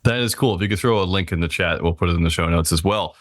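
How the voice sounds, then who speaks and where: A man's voice: low-pitched, quick pace, no echo, studio quality. A man hosting a podcast, chatting casually and upbeat while reading out the show's plugs. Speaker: podcast host.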